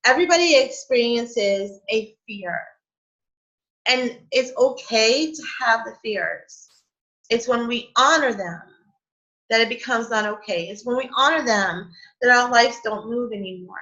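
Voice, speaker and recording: A woman's voice: a little high, lively intonation, a little slow, bright, forceful tone. A woman hosting a casual spiritual chat, talking with heartfelt emotion and many fillers, laughing and close to tears. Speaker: host of a spiritual coffee chat. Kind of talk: casual heartfelt talk to a live group. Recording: dull lo-fi stream audio.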